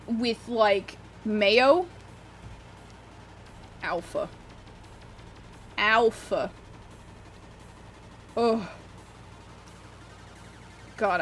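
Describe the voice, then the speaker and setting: A woman's voice: mid-range voice, expressive, slow, long pauses, slight background noise. A young woman streaming from her room, chatting casually, rambling, swearing freely and cutting off words. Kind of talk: casual livestream chat while drawing.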